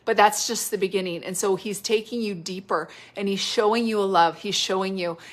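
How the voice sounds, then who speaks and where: A woman giving spontaneous prophetic ministry on a live stream, speaking gently and haltingly, repeating her phrases and filling pauses with "like" and "you know". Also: mid-range voice, fairly even intonation. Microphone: live-stream device mic.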